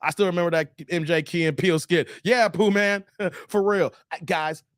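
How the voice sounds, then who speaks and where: A man delivering blunt, preachy live-stream commentary. His voice sits somewhat high for a man. The recording is close and dry, and he drives each point home over and over. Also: steady tone, moderate pace, no room sound. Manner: blunt, preachy, repeats himself. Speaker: YouTube commentary host.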